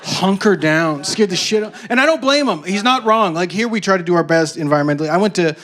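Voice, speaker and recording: Animated man in his thirties doing stand-up. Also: high-pitched, quick pace. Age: 30s. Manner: animated storytelling, jumps into loud acted-out voices. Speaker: stand-up comedian. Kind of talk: stand-up comedy set. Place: comedy venue stage.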